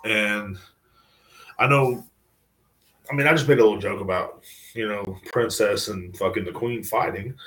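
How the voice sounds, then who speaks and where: An American man talks alone on his podcast in a casual monologue. His voice sits a bit low, and he rambles through crude, profane riffs, circling back to the same filler phrase again and again. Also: normal speed, long pauses, fairly bright tone, low-quality recording. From United States. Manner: profane, rambling rant full of "you know what I'm saying". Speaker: podcast host.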